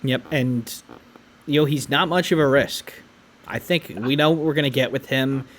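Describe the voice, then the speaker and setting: A man co-hosting a sports podcast, breaking down coaching records in a measured, stat-heavy way with occasional restarts. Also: mid-range voice. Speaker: podcast co-host. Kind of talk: casual sports analysis chat.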